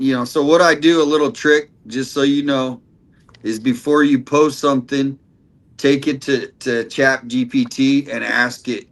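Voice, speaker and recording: A man's voice: medium pitch, a bit bright. A man chatting as a guest on a casual stream, hesitant and full of fillers as he works through his thoughts. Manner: hesitant, many fillers, thinks aloud. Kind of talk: casual conversation.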